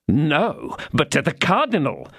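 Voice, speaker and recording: A man's voice: fairly high pitch, wildly swooping pitch, unhurried, vocal fry, fairly bright tone, no room sound, studio quality, voice pushed up, heavily acted. A man voicing a greedy, cowardly middle-aged mercer in an audiobook, speaking pompously and repeating grand phrases. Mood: alarmed.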